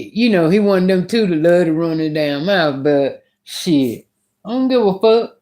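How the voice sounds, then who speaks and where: A woman's voice: on the low side, a little mellow, slight background noise. A woman vlogger telling a story in a casual rant, blunt and profane as she vents.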